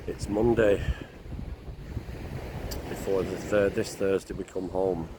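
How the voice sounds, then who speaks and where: An older man with a blocked nose, talking slowly and plainly in a casual travel vlog by the sea. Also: low-pitched, fairly even intonation. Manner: slow, rambling, plain-spoken. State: congested, bunged up. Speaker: vlogger. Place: outdoors by the sea. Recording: noisy outdoor recording.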